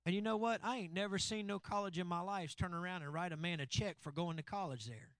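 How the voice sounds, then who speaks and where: A man's voice: sits high, lively intonation, fast, few pauses, a bit bright, dry recording. A male pastor preaching a sermon, calling out to the congregation. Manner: preachy call-and-response with congregation.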